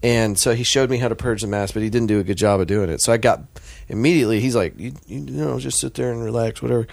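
An American man casually telling a story on a podcast, animated and profane, acting out the voices of the people in it. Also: medium pitch, fast, vocal fry, no echo. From United States.

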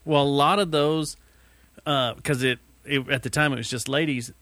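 A man's voice: a little high, steady tone, normal speed, a bit bright, no echo. A man co-hosting a podcast, chatting casually with dry wisecracks and rambling asides. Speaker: podcast co-host.

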